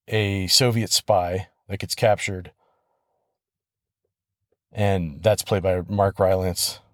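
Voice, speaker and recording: A man hosting his own podcast, retelling a film story in a relaxed, conversational way with soft laughs and small restarts. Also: on the low side, no room sound, studio quality. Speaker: podcast host. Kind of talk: casual solo podcast storytelling.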